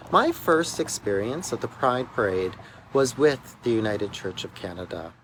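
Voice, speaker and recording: A man's voice: mid-range voice, very animated, moderate pace, fairly bright tone, a little hiss or hum, poor audio. A man, a minister, telling a personal story in a church video message, recorded outdoors beside a church walkway. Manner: earnest storytelling, emphatic in places.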